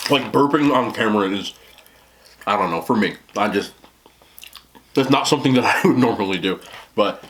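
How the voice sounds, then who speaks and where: A young man chats away in a casual eating vlog, often talking through a mouthful of food and wandering from point to point. His voice sits at an ordinary middle pitch. Faint clicks and clinking dishes sound in the background. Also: a bit bright, slight background noise. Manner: talks with a mouthful, rambling and chatty. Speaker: mukbang vlogger. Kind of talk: casual talk while eating on camera.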